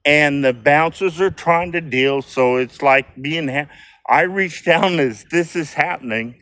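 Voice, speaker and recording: A man's voice: fairly high pitch, unhurried, fairly bright tone, dry recording. A man in his sixties telling a story from his past in a loose, rambling way, swearing freely and laughing often. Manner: profane, rambling, laughing as he talks. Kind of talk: casual storytelling.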